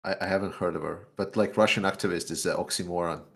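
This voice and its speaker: A man's voice: low-pitched, fairly even intonation, fast talker, creaky, a bit bright. A man appearing as a guest YouTuber in a live Q&A chat, speaking bluntly and sarcastically.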